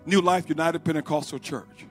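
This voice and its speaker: A man preaching a Pentecostal sermon, swinging from shouted exhortation to hushed, halting storytelling. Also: a little high, steady tone, soft background music.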